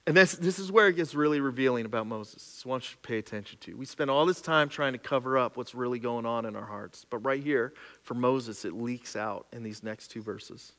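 A male pastor preaching a sermon with humorous, animated asides and reading scripture aloud. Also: mid-range voice, brisk, hardly any pauses, big-room sound.

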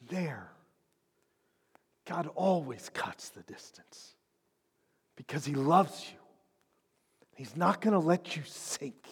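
Male preacher, high pitch, whisper-to-shout sermon dynamics, long church-hall reverb. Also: expressive, slow, pauses often, slightly rough. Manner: swings from hushed whispers to loud shouted climaxes. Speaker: pastor.

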